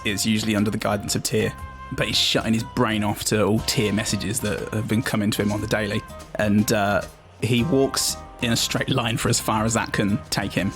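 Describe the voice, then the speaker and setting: Man describing his character's moves. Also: fairly low pitch. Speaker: player. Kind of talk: casual tabletop play.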